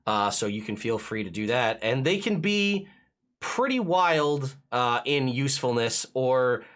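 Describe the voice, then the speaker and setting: A man runs a streamed tabletop game as game master, explaining the rules in an excitable, chuckling way. His voice is medium-pitched and unhurried.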